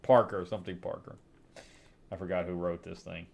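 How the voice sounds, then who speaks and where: A man's voice: deep voice, level tone, moderate pace, gravelly, a little mellow. A man hosting a casual comic book review show, rambling and sarcastic, often laughing at what he describes.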